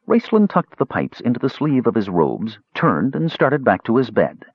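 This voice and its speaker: A man narrating a fantasy story in an expressive, lively reading. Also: mid-range voice, normal speed, husky, dry recording. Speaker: audiobook narrator. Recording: dull lo-fi dry recording.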